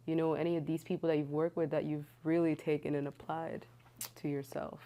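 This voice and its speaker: A woman hosting an interview, asking relaxed questions and giving brief affirming replies. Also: low-pitched, a little fast. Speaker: interviewer host. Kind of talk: interview questions and back-channel.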